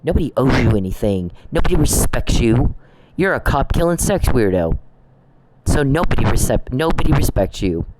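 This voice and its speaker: Guy ranting and taunting someone, swears a lot, average pitch, bit of noise. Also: sing-song, normal speed. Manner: taunting, profane, mocking. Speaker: online commentator. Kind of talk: angry rant to camera. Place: Oklahoma.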